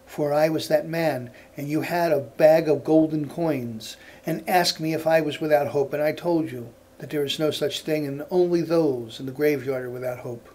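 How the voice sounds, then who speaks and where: A man voicing a wise old judge who is kind but firm, in an earnest, measured storytelling delivery. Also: fairly high pitch, darkish tone, natural voice.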